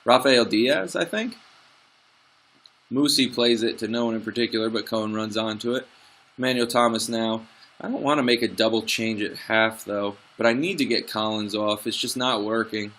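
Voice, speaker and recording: A young man commentating his own football management game, swinging from excited play-by-play to frustrated asides. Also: fairly low pitch, moderate pace.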